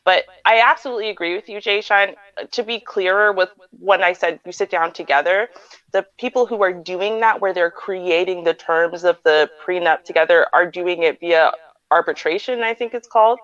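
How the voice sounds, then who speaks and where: Female host, measured advice talk, muffled lo-fi audio. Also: fairly low pitch, a bit bright, smooth, no echo. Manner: measured, explanatory. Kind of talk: casual livestream advice chat. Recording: muffled lo-fi dry sound.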